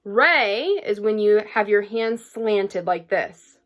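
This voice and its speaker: A young woman teaches a remote music lesson to children from home, patient and encouraging, often checking in with "okay?". Her medium-pitched, somewhat bright voice swings widely in pitch and moves slowly.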